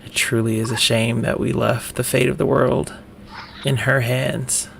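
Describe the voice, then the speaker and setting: A man's voice: mid-range voice, flat delivery, a little slow, creaky, fairly bright tone, a little hiss or hum. A man voicing a towering, scornful fused spectre. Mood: disdainful. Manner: cold, disdainful pronouncement. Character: giant fused parents and villain, scornful.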